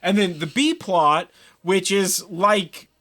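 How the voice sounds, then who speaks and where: A young man with a high, bright voice co-hosts a casual review chat. He talks fast and loosely, laughing often and acting out lines. His tone is light and upbeat. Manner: quick, laughing, acts out quotes. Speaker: podcast co-host.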